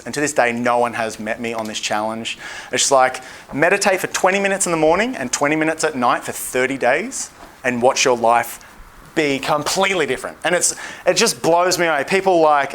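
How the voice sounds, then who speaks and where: A man's voice: on the high side, brisk. Blunt, profane Australian man coaching. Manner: profane, blunt, animated with acted-out quotes. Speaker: dating coach. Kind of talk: seminar talk. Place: seminar room.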